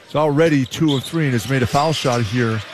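A man's voice: medium pitch, fairly quick, noisy background. This is a Canadian man, a former player who now does the color commentary on basketball broadcasts. His voice sits in a mid register, and he explains each play in an easygoing, conversational way. Faint arena sound runs behind him. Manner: relaxed, explanatory, with frequent "uh" and restarts.

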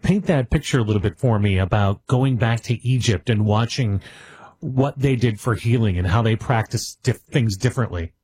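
A man's voice: fairly low pitch, normal speed, darkish tone, husky. A man hosting a late-night radio interview, asking eager conversational questions. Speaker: radio show host.

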